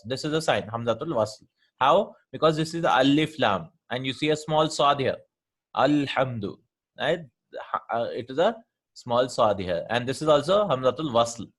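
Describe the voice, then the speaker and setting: A man's voice: mid-range voice, fairly bright tone. Man teaching Arabic, checking "right?" often. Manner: explains step by step, often checks with "right?" and "hmm?". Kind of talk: online Quran Arabic lesson.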